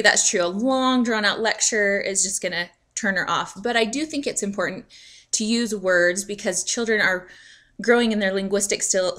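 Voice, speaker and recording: A woman hosting a video series, calmly and steadily explaining parenting tips to camera, with frequent pauses and "um"s. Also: medium pitch. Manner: calm, measured and explanatory, with frequent "um"s. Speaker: host answering reader questions on parenting. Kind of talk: casual advice talk to camera.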